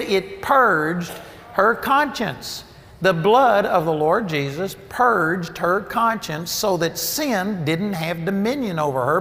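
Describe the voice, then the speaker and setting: A man's voice: sits high, fairly bright tone. A man preaching a sermon, emphatic and storytelling, his voice rising for key points. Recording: long reverb of a large hall.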